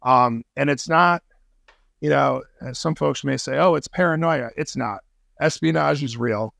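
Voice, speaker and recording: A man's voice: mid-range voice, measured pace, vocal fry, fairly bright tone, dry recording, clean studio sound. A man guesting on a podcast, telling a story in casual talk, swearing freely and using street slang.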